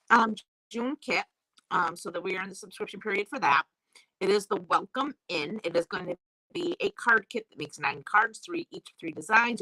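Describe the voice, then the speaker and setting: A woman's voice: medium pitch, bright, forceful tone, dry recording. A woman with a sore throat and crackly voice, chatting casually as she hosts a live stamping class and greets viewers by name. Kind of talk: live-streamed craft class chat. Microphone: new desk mic.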